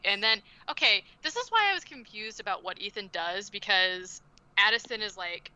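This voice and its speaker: Woman podcast co-host, bright clear voice, sarcastic movie recap. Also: mid-range voice, animated, normal speed, highs cut off. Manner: sarcastic, swearing, acting out quotes in silly voices. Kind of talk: casual movie recap chat.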